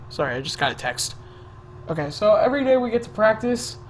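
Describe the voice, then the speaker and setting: A man's voice: sits high, animated, moderate pace, a little hiss or hum. A man telling a rambling, jokey story-time vlog into a desk microphone, often sidetracking himself. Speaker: vlogger.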